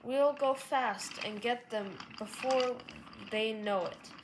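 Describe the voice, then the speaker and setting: A woman reads as a male engine driver who warns and urges his engine on in a storybook, speaking slowly and with urgency in a voice close to her own. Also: on the high side, background noise. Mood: urgent. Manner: warning, urgent.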